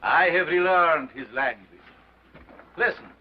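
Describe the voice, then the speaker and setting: A man's voice: on the high side, a little slow, husky, muffled recording. An actor playing a commanding male mad scientist lecturing a carnival crowd, with an unplaceable accent and a declamatory delivery, on an old 1930s film soundtrack. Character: theatrical mad scientist showman, male, middle-aged, commanding.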